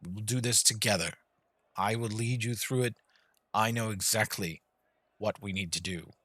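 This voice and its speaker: A man doing a smug, soft-spoken city ruler. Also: fairly low pitch, dry recording. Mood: calmly commanding. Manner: slow, measured, soft-spoken proclamations. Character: smug, smiling male city ruler addressing crowds.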